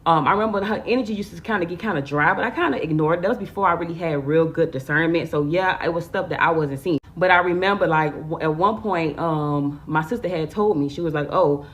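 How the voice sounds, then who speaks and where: A woman's voice: lowish voice, fast, few pauses. A woman telling a casual storytime, emphatic and repetitive, talking straight to her viewers.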